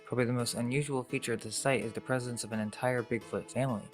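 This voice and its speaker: A man reading documentary narration in a steady voice, with a few small slips, heard from a video that is being played. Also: medium pitch, fast, soft background music.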